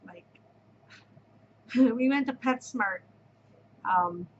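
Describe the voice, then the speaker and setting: A middle-aged woman with a fairly high voice chats casually as she shows off her yarn, gushing and repeating herself. The sound is a little muffled and dull, with faint room hiss behind her. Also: a bit bright. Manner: gushing, effusive, repeats words. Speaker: knitting podcast host. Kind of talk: casual show-and-tell chat.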